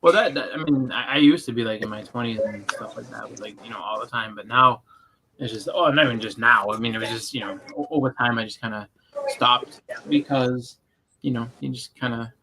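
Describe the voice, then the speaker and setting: A man's voice: mid-range voice, a little fast, noisy background. A man co-hosting a casual livestream, telling rambling stories and slipping into quoted voices.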